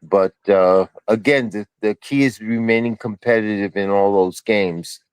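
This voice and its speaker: An older man in casual sports chat, soft-spoken and halting, with frequent chuckles. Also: lowish voice, clear, resonant tone, dry recording.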